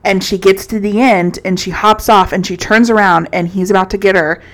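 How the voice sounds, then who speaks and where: A woman's voice: mid-range voice, fairly even intonation, fairly quick. A woman co-hosting a podcast, telling a book recap in a casual, rambling way with plenty of swearing and filler words. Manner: profane, rambling storyteller with many fillers. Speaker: podcast co-host.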